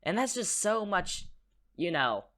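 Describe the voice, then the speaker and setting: In a casual film discussion on a podcast, a male co-host enthuses about a movie and wanders into playful, rambling tangents. His high, bright voice has a forceful tone, and he sounds very animated while keeping an unhurried pace.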